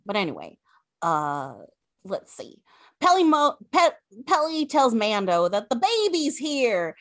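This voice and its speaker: A woman's voice: fairly high pitch, huge pitch swings, slow pace, a bit bright. A woman casually recapping an episode, chatty and full of fillers. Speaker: podcast host recapping an episode.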